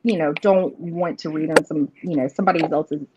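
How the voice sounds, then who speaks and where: A woman's voice: low-pitched, fairly even intonation, fairly quick, noisy background. A woman reading tarot and oracle cards in a casual live stream chat, rambling with many "you know" fillers and frequent laughs. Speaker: tarot and oracle card reader. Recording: dull lo-fi stream audio.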